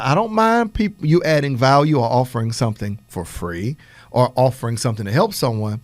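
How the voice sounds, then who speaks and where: An energetic male podcast host talking business like a preacher, rising and dipping as he drives home his points and laughing between them. His voice is dry and close, with no room sound around it. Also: medium pitch, dry recording. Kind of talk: motivational business talk.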